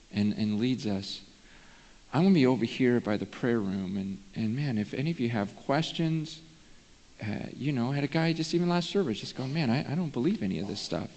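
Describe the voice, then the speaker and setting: A man's voice: medium pitch, a little mellow, long reverb tail. A man preaching a sermon as pastor, in an earnest, conversational way. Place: church sanctuary.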